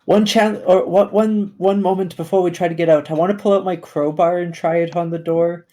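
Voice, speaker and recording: A man player works through plans in casual tabletop game chat, hesitating now and then. His voice is mellow and dark, a touch higher than usual. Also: fairly even intonation, a little fast.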